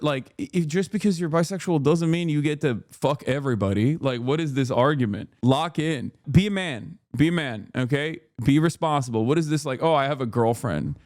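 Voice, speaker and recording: A man hosting a live stream, ranting and joking in a profane, animated, casual way. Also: a little high, brisk, few pauses, no room sound, clean studio sound. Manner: joking, sarcastic. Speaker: livestream host. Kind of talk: casual livestream commentary.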